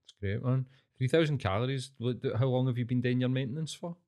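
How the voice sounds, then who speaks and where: A man's voice: mid-range voice, quick pace, darkish tone. A man with a Scottish accent co-hosting a podcast, easygoing and chuckling, swearing casually. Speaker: podcast co-host. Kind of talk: casual chat.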